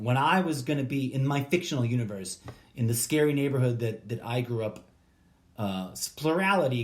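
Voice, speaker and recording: A man's voice: medium pitch, darkish tone. A man hosting a solo podcast, reading legal text aloud and then riffing on it in a jokey, rambling way with sudden bursts of emphasis. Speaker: podcast host.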